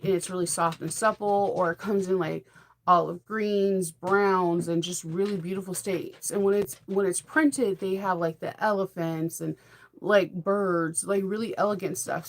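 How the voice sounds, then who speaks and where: Middle-aged woman rambling about sewing stuff, giggles a lot, bit of vocal fry. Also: mid-range voice, a little hiss or hum. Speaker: sewing channel host. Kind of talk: casual chat.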